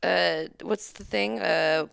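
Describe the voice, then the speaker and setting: A woman co-hosting a podcast in casual chat, playful with dry quick comebacks. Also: on the low side, steady tone, creaky, a bit bright, dry recording. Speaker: podcast co-host.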